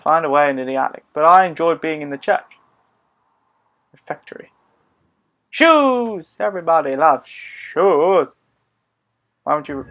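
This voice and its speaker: A man commenting on his own gameplay in an excitable, joking way, often exclaiming to himself. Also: a little high, a little slow, long pauses. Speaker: gaming video host. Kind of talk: let's play commentary.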